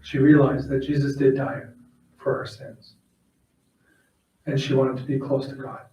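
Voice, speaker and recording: A man's voice: mid-range voice, level tone, measured pace, warm tone, a little hiss or hum. A man giving a heartfelt eulogy at a funeral service, telling plain personal stories and leading a prayer. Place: funeral home chapel. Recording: echoey room from far off.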